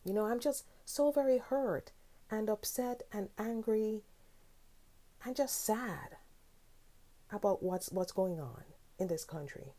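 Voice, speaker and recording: A woman's voice: mid-range voice, expressive, slow pace, pauses often, warm tone. A woman hosting her own podcast, talking earnestly and with growing passion, asking pointed questions. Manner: earnest, impassioned, rising to indignant questions. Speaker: podcast host. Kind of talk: solo podcast talk.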